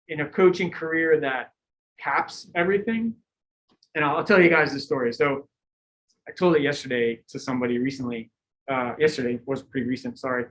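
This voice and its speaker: A middle-aged man, a cycling coach, giving a lecture full of animated stories and acted-out quotes, laughing now and then. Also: on the high side, a little hiss or hum, rough recording. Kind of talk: lecture with anecdotes.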